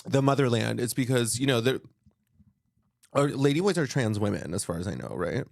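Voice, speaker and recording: Gravelly bawdy man hosting chat. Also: mid-range voice, lively intonation, fairly quick, dry recording, studio quality. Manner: bawdy, joking, says "honey" often. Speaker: podcast host. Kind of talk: casual chat.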